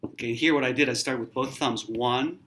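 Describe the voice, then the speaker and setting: A man in a hotel room gives a casual piano lesson into a camera mic. His voice sits at an ordinary middle pitch, and he talks in a relaxed, demonstrative way, counting finger numbers aloud. A faint hiss of background noise runs under the recording. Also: brisk. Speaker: piano teacher.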